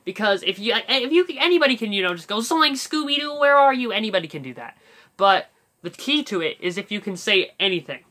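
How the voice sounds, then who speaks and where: Bright-voiced man hosting a voice tutorial. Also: high voice, expressive, quick pace. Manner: rambling, with fillers and restarts. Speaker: YouTube voice tutorial host. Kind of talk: casual voice-impression tutorial.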